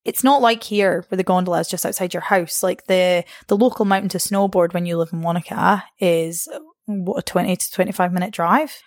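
A young woman tells stories as a guest in a loose, chatty way. She laughs often and her pitch jumps up when she acts out quotes. Her voice sounds dry and close. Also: steady tone, fairly quick, no room sound. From Scotland. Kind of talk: casual storytelling interview.

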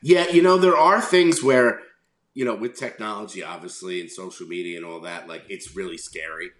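The voice is a lowish, fairly bright one at normal speed, belonging to a middle-aged man from New York. As a podcast co-host in casual chat, he rambles through a story, acting out voices and swearing freely, all in an echoey room.

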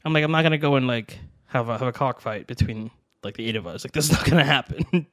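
A young man in casual podcast chat, spinning a story with lively energy and acting out each person's lines. His voice sits at a middle pitch. The sound is dry and close, with no room around it. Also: fast, no room sound. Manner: animated, acts out quotes with swearing and laughs. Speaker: podcast co-host.

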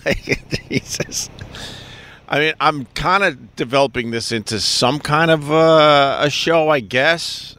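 A man's voice: mid-range voice, slow pace, pushed and bright, smooth. A middle-aged man with a thick Long Island accent talks off the cuff to viewers on a live stream. He rambles from one thought to the next, cracks jokes and swears freely. His voice sits in an ordinary middle register. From Long Island, New York. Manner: rambling, profane, joking. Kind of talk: casual live stream chat.

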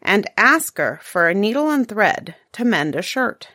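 A woman's voice: medium pitch, sing-song, measured pace, pushed and bright, dry recording, clean studio sound, full character voice. A woman voicing a cruel bony stepmother in a fairy tale, snapping out commands. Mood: harsh.

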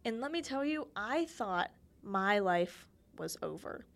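A young woman with a gravelly, mid-range voice hosts her own podcast, speaking slowly and expressively. She giggles and chats her way through childhood stories, doing the voices of anyone she quotes, in a casual solo format.

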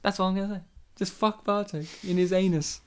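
A co-host with a medium-pitched voice chats casually and fairly quickly during a movie commentary. She's animated and rambling, full of fillers and silly impressions.

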